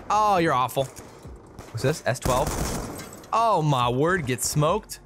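A young man giving excitable, trash-talking commentary over his own shooter gameplay as a gaming YouTuber, with game music and gunfire behind him. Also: medium pitch, normal speed, long pauses, background noise.

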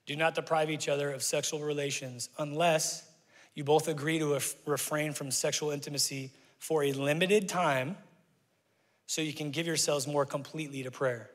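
A man in his forties preaching a sermon as a pastor, animated and conversational, with frequent asides to his congregation. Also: a little high, normal speed. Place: church sanctuary. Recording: long church hall reverb.

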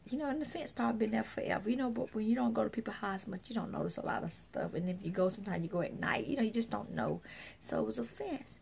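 Woman, minister, very gravelly voice, casual rambling testimony, lots of fillers. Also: mid-range voice, fast, darkish tone, slight background noise. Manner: rambling, full of fillers and restarts; acts out other people's remarks.

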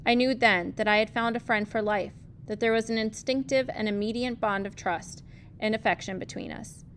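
A woman, a teacher, reading a novel aloud in a measured, gentle storytelling manner. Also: a little high, steady tone, slight background noise.

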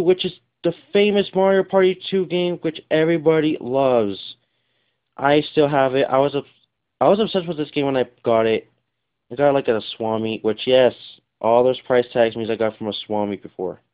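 A man's voice: a little high, moderate pace, dull audio. A man casually showing his video game collection, rambling and apologizing often, with lots of fillers and self-corrections.

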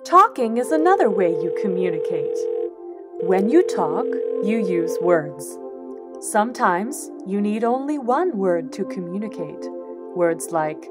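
Slow, lively woman reading a children's book. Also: medium pitch. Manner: expressive, acts out the quoted lines. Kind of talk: children's book read-aloud. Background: instrumental music.

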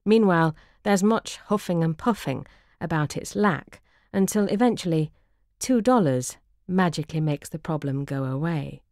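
A woman narrates her own travel memoir in an audiobook reading. Her voice sits very low and she keeps a dry, wry, measured delivery. The sound is close and dry with no room around it. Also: darkish tone, no echo.

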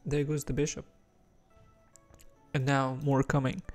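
A man's voice: mid-range voice, level tone, a little slow, darkish tone, faint music behind. A man from India with an Indian English accent mixed with American and British touches, chatting casually while streaming chess and reacting to his moves.

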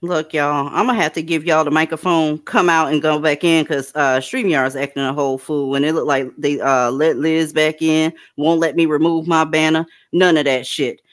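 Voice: mid-range voice, fairly even intonation, normal speed, few pauses, fairly bright tone. Offhand livestream host. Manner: offhand, flustered by tech trouble. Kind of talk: casual livestream chat.

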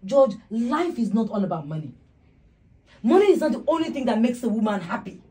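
A woman's voice: fairly high pitch, sing-song, fairly quick, darkish tone. A young woman acting a bossy, neglected wife in a web skit, commanding and scolding, then complaining bitterly. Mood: aggrieved.

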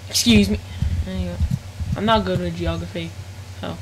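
A woman's voice: fairly low pitch, lively intonation, normal speed, vocal fry, long pauses, slight background noise, low-quality recording. A woman live-streaming a game, chatting casually in slangy speech and reacting aloud to chat.

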